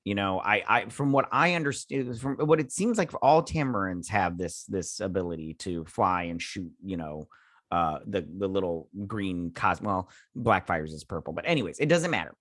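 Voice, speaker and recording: A man's voice: low-pitched, lively intonation, moderate pace, a bit bright, no room sound, studio quality. A man hosting a casual episode recap and review, rambling and joking with mock-indignant asides. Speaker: show host reviewing a TV episode.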